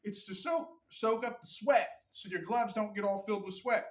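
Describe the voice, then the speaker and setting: A man's voice: high-pitched, normal speed, far from the mic. A man casually demonstrating how to wrap hands for boxing, rambling and blunt, often checking in with "right?". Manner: loose, rambling, keeps asking "right?". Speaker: boxing and MMA instructor. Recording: roomy sound from off the mic.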